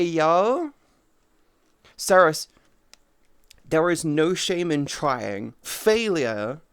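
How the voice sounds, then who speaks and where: A woman's voice: clean tone, no echo, clean studio sound. Teasing woman streamer in her thirties. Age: 30s. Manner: playful, teasing, swings between high squeals and low mutters. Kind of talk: casual chat with viewers.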